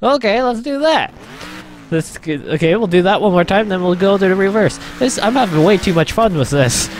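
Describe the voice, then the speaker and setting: A man's voice: sits high, a little fast, a little hiss or hum. A man hosting a gaming channel, giving rambling let's-play commentary with lots of laughter and exclamations. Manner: excitable, laughs and exclaims often; rambling, repeats himself.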